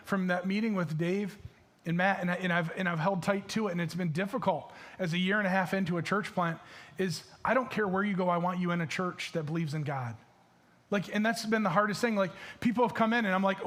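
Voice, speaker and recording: A man with a noticeably high voice preaches from a church stage in a loose, conversational style. His Michigan accent colors a talk packed with fillers and restarted phrases. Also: brisk, fairly bright tone. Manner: casual, filler-heavy with many restarts. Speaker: pastor. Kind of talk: sermon.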